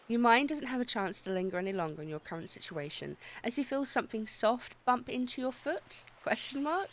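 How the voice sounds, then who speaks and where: A woman streaming a dating game, chatting excitably and swearing freely as she reads the story text aloud. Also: a little high, a little fast, few pauses, faint music behind. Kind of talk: let's-play commentary and reading game text aloud.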